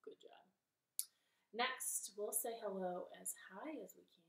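A woman's voice: medium pitch, unhurried, gravelly, fairly bright tone, roomy sound. A young woman hosting a children's storytime from her living room, cheerfully coaxing kids to sing along with a ukulele. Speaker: library storytime host.

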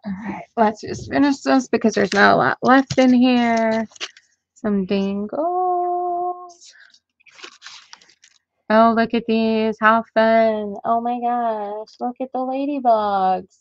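A woman's voice: fairly high pitch, fairly even intonation, a little slow, vocal fry, hardly any pauses, no echo. A woman hosting a casual live sale, chatting to viewers as she unboxes jewelry and counts items aloud. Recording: dull lo-fi audio with faint noise.

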